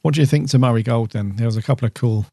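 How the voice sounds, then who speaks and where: A man's voice: mid-range voice, racing, gravelly, mellow, no room sound, clean studio sound. Rambling male podcast co-host. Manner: rambling, many fillers and restarts. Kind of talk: casual chat reviewing an episode.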